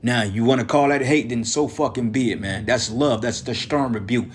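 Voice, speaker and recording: Husky-voiced man preaching an angry rant. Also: mid-range voice, moderate pace. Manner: profane, scolding, repeats "man" at line ends. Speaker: street preacher.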